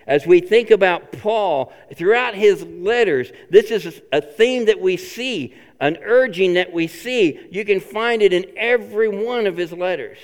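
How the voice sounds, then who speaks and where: High, clear-voiced preacher man in a reverberant hall. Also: animated, a little slow, hardly any pauses. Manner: earnest, repetitive preaching with sudden loud and soft swings. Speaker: pastor. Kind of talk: sermon.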